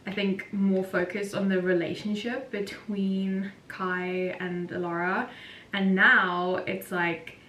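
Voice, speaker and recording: A woman's voice: little pitch movement, slow, a bit bright, recorded from a distance. A woman from South Africa, an author, chatting casually in a rambling vlog and laughing often. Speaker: author vlogger. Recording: roomy echo, voice from off-mic, faint rumble.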